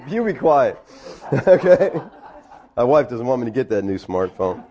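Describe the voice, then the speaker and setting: A man's voice: mid-range voice, sing-song, slow pace, warm tone, dull audio. A man preaching a sermon as pastor, conversational, with teasing asides to his congregation in a church.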